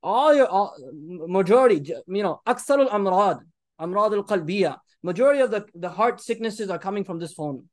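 In a strikingly high voice, a man in his thirties preaches with passion, mixing Arabic phrases into his urgent pleas to the congregation. His intonation is lively and his delivery a little fast. There's no room sound; the recording is close and dry.

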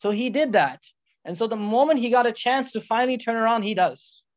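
Fast-talking preacher telling a story. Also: medium pitch, expressive. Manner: checks in with listeners with "right?" and "okay?"; weaves short Arabic phrases into the telling. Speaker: religious teacher. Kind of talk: storytelling sermon. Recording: dull lo-fi recording.

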